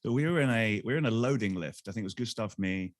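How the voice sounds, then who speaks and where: A man co-hosting a podcast, telling lively anecdotes in casual chat and acting out the people he quotes. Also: on the low side, fast talker, no room sound, clean studio sound. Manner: animated anecdotes, acts out quoted voices. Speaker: podcast co-host.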